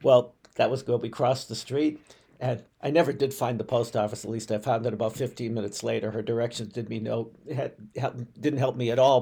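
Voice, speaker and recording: A man, a rabbi, recalls personal stories for a podcast. His mid-pitched voice has a gravelly edge. He speaks reflectively and often restarts his sentences. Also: mellow. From United States. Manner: reflective, unhurried, with frequent restarts and fillers.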